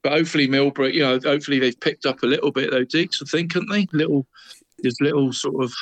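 Co-host, excitable chatterer, dry close recording, man who peppers every line with "mate". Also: fairly high pitch, fast, no echo. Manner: chatty, says "mate" constantly, apologetic and excitable. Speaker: co-host of a local football podcast. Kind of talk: casual chat.

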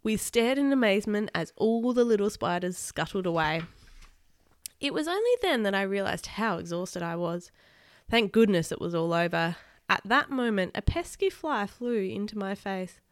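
A woman reading a children's chapter book aloud to a child as a teacher, animated and doing sound effects. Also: mid-range voice, moderate pace, smooth, no echo.

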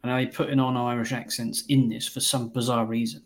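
A man's voice: medium pitch, little pitch movement, a little fast. A man hosting a film review podcast, chatting casually with blunt, sweary remarks. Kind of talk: casual chat.

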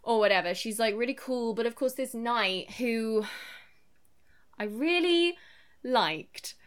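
A woman co-hosting a podcast, reviewing a film in casual chat, animated and quick with asides, swearing freely and mock-quoting the characters. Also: on the high side, smooth. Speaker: podcast co-host.

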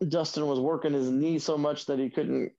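A man's voice: a little high, little pitch movement, moderate pace, vocal fry, warm tone. Hesitant man on a dull lo-fi mic. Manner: hesitant, laid-back, swearing. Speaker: podcast co-host. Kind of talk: casual recap chat. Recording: dull lo-fi audio.

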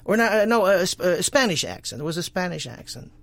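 Dutch-accented man, halting speech. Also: high voice, very animated, creaky, a bit bright, no room sound. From Netherlands. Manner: halting, many restarts and repeated words. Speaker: guest voice actor. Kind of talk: casual interview chat.

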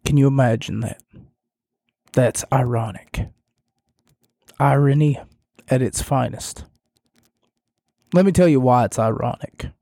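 A man hosting a casual solo podcast, talking in a monotone while losing his voice and sounding hoarse. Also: mid-range voice, a little slow, long pauses, no room sound, clean studio sound. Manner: monotone delivery. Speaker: podcast host.

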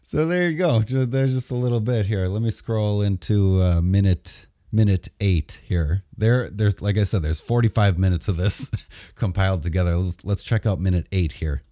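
A man hosting a casual comedic web show, talking in an offhand, rambling, deadpan way. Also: on the low side, moderate pace, no echo, clean studio sound. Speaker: host.

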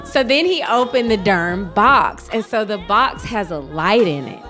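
A young woman co-hosting a podcast, telling a story in a chatty, animated way with lots of "like" fillers. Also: mid-range voice, a little slow, music in the background. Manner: chatty, heavy use of "like" fillers; animated, emotional retelling. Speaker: podcast co-host. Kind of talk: casual chat, storytelling.

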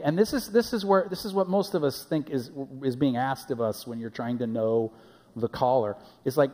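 A man's voice: mid-range voice, normal speed, warm tone, in a large hall. A man preaching a sermon in a conversational way, often repeating his words as he goes. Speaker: pastor. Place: church sanctuary.

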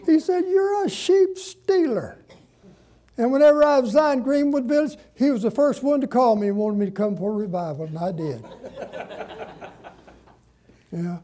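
An older man, a pastor telling stories in a sermon in a folksy, drawn-out way. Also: high voice, dark tone. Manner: folksy, drawn-out preaching with dramatic pauses. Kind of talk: sermon storytelling.

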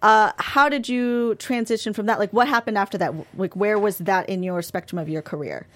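A woman's voice: mid-range voice, a little fast, a bit bright. A woman hosting an interview, enthusiastic and chatty, with many fillers. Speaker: interview host. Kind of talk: casual interview chat.

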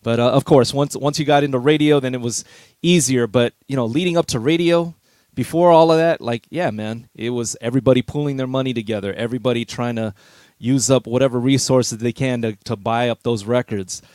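A middle-aged veteran DJ guest tells stories in a relaxed interview, easygoing and reminiscing, chuckling often. His medium-pitched, darkish voice moves a little fast. The recording is dry and studio quality.

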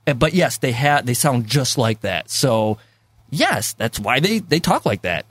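A man's voice: mid-range voice, sing-song, measured pace, a bit bright, slightly rough, no room sound. A man hosting a casual movie discussion podcast, rambling with many fillers and repeats, and laughing easily. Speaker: podcast host.

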